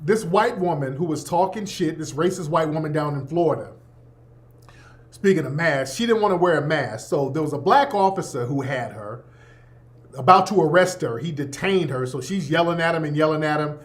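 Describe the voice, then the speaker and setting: A man with a notably high voice talks as host of his own show. His commentary is emphatic and preachy, full of profanity and repeated points, delivered in a loose, casual manner. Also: animated, moderate pace.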